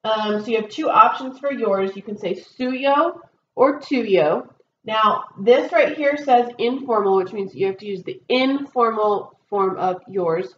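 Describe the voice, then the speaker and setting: Woman teacher patiently explaining a test. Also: on the high side. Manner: patient, explanatory, many ums and okays. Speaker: Spanish teacher. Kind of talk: recorded test review lesson. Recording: dull roomy recording with faint noise.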